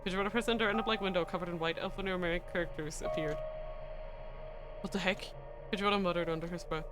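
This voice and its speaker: A woman streamer reading a visual novel aloud, excitable and prone to bursts of shrieking and laughter. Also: fairly low pitch, rapid-fire, over loud music.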